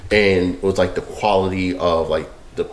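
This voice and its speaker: A man's voice: low voice, steady tone, moderate pace. A man hosting a podcast in casual chat, laid-back and giving frequent short agreements while others talk. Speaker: podcast host. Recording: roomy echo with faint hiss.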